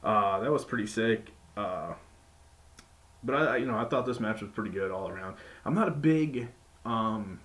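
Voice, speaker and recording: A man giving a casual spoken review of a wrestling show, rambling with many fillers and restarts, and acting out quotes in sudden high-pitched voices. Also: animated, normal speed, a bit bright.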